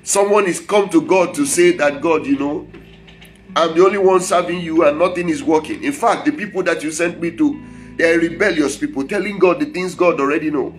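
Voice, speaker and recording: A man preaching a sermon, reading scripture slowly and breaking off to explain it with asides and chuckles. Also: fairly high pitch, soft background music, rough recording.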